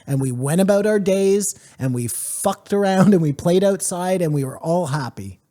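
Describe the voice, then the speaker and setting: A man co-hosting a podcast in casual banter, animated, swearing freely and laughing often. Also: high-pitched, moderate pace. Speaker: podcast co-host. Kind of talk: casual chat.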